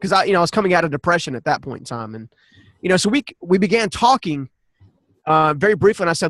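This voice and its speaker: A man in his forties talks through a personal story as a podcast guest, earnest and animated, circling back to restart his sentences. His voice sits a touch high for a man. The sound is dry and close, with no room echo. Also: fast talker. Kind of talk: personal storytelling in a conversational interview.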